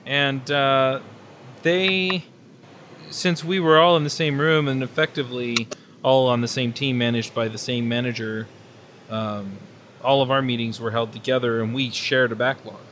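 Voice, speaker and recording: A man's voice: mid-range voice, steady tone, moderate pace, fairly bright tone, a little hiss or hum. Thoughtful man on a tech podcast. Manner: thoughtful, hesitant with fillers. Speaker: podcast panelist. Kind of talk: casual technical discussion.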